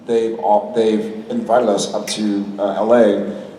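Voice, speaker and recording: A man bantering as an actor on a fan convention panel, playful, goofy and quick to laugh. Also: lowish voice, flat delivery, mellow, far from the mic, slight background noise. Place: large convention hall stage. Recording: echoey convention hall, cheering crowd.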